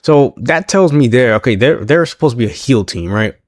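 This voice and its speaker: A man casually recapping a wrestling show, laughing often and quoting the wrestlers in an animated way. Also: mid-range voice, fairly quick, dry recording. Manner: laughs often, animated retelling with quoted voices.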